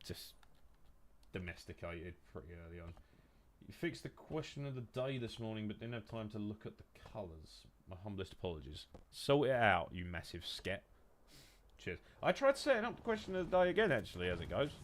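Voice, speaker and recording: A man's voice: on the low side, very animated, a little fast, a little hiss or hum. A young British man with a blocked, nasal nose, rambling and swearing in casual chatter to his live-stream chat while he plays. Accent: British English. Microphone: headset.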